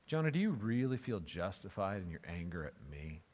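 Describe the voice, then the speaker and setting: A man's voice: on the high side, moderate pace, darkish tone, big-room sound, close to an everyday voice. A man voicing God as a challenging questioner, pressing a prophet with pointed, incredulous questions. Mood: searching.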